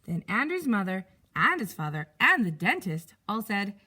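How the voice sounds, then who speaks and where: A teacher reading a picture book aloud to young pupils, expressive and animated. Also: female voice, medium pitch, normal speed, breathy edge.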